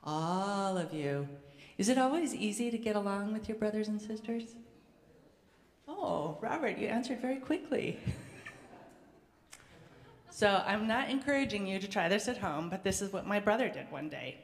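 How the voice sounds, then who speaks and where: Woman, pastor, gentle storyteller for kids, mid-pitched voice, roomy church reverb. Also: animated, moderate pace, long pauses. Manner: gentle, conversational storytelling with children. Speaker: pastor leading a children's message. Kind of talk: prayer and children's sermon. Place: church sanctuary. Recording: echoey church hall reverb.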